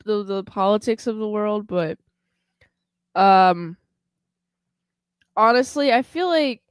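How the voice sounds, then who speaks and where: Slow-talking woman rambling on a podcast. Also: mid-range voice, expressive, clear, resonant tone, no echo. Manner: rambling, hedging with many "like"s. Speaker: podcast co-host. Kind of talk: casual podcast chat.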